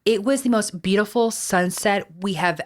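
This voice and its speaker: A woman from Texas with a Texan accent co-hosts a podcast, telling personal stories in a chatty, rambling way and swearing freely. Her voice is mid-range and her speed is normal.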